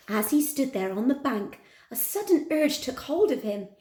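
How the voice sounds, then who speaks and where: A woman teacher reading a picture book aloud to her pupils in an animated, expressive way. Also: high-pitched, moderate pace, hardly any pauses. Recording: echoey room.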